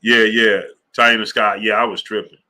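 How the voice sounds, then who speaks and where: Man, live-stream host, bright tone, laid-back slangy chat, shout-outs. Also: fairly low pitch, level tone, normal speed. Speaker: sports channel host. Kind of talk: casual live-stream chat reading super chats.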